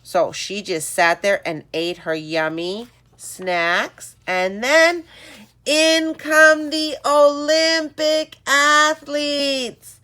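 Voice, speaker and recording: A woman reading a story aloud to children, calling them friends in an animated way. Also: high-pitched, very slow. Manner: addresses listeners as friends, animated.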